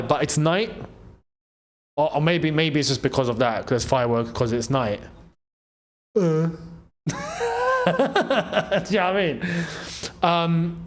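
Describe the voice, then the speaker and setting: A young Algerian man with a fairly high voice hosts a live football watchalong. He's excitable, reacting to the action with enthusiasm, laughing often, and reading viewer comments out loud.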